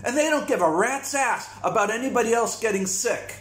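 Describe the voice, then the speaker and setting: A man's voice: very high voice, animated, a little fast, fairly bright tone. A man delivering a blunt, repetitive, profane rant to camera as a vlogger. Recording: echoey room.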